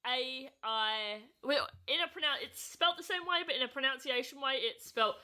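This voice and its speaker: A woman's voice: high-pitched, moderate pace, pushed and bright. A woman co-hosting a podcast in casual chat, talking freely and laughing often. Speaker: podcast co-host.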